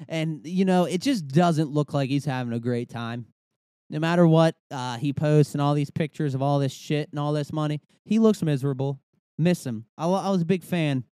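A man's voice: a little high, warm tone, no room sound, clean studio sound. A young man hosting a podcast, ranting casually with swearing and rambling asides. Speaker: podcast host. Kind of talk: casual comedic rant.

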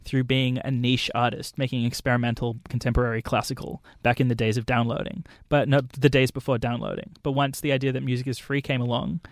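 A man's voice: medium pitch, little pitch movement, fast talker, hardly any pauses, no echo, clean studio sound. A man hosting a casual film chat, rambling and correcting himself as he talks. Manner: rambling, digressive, self-correcting.

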